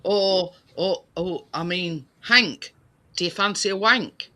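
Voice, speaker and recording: A British man chatting casually, his voice high and very bright. He talks slowly and rambles, restarting sentences and dropping fillers as he goes. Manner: rambling, many restarts and fillers, laughs easily. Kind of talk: casual chat.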